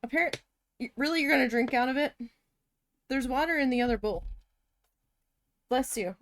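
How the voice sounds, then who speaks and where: A woman's voice: sits high, normal speed, a bit bright, a little hiss or hum. Chatty woman telling stories while crafting. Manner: chatty storytelling, talks to her cat. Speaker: crafting vlogger. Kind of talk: casual chat while crafting.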